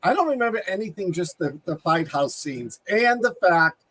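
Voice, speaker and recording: A man co-hosting a casual live-streamed chat with wry quick quips. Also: high-pitched, animated, a bit bright. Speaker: co-host.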